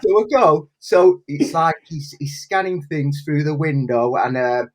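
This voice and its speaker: A man's voice: on the high side, measured pace. A man from England with a cold, telling a story animatedly in casual chat. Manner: animated storyteller, acts out voices. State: has a cold. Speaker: resident tipster.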